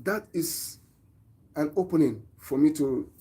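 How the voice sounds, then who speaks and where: Nigerian guy on his own show, mellow husky voice, preachy and earnest, keeps asking viewers what they think. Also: fairly high pitch, animated, unhurried. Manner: earnest, preachy, asks viewers rhetorical questions. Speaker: online show host. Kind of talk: opinion monologue to viewers.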